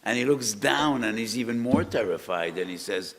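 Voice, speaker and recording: An older man giving a Torah lecture as a sermon, telling a parable slowly and rising to cries in pleas, with words in a way. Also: fairly low pitch, lively intonation, fairly bright tone. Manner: slow, storytelling delivery that rises to cries in acted pleas. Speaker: rabbi giving a weekly lecture. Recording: long reverb, faint background noise.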